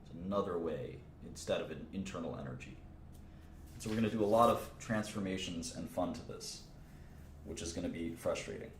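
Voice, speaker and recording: Low-voiced guy teaching chemistry off the cuff, repeats stuff, echoey room. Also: a little fast, a little hiss or hum. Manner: thinks aloud, repeats phrases, casual asides. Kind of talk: informal livestream lecture.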